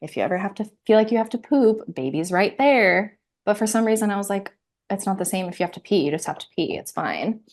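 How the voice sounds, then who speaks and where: A woman in her thirties telling her own story as an interview guest, candid and animated, laughing often and acting out her inner voice. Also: mid-range voice, fast talker.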